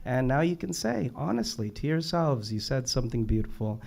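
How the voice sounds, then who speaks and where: A man's voice: mid-range voice, sing-song, a little fast, gravelly, darkish tone. A young man hosts a live poetry open mic, and his voice sits in a middle register. He talks casually and with big enthusiasm, swearing freely and quoting performers' lines back to the room. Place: live event venue.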